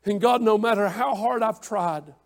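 A man preaching a sermon with passion, repeating phrases in cadence and swinging between hushed pleas and shouts, in a church room. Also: high voice, normal speed, gravelly. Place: church room with online viewers.

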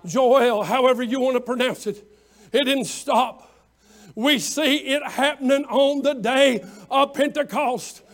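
A man preaching an impassioned revival sermon as pastor, often shouting and calling out members of the congregation by name. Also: very high voice, unhurried.

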